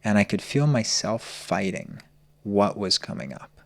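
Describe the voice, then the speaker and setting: A man's voice: fairly low pitch, big pitch swings, creaky, dry recording. A man telling his personal story as a podcast guest, earnest and searching. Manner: earnest, open, slow and searching.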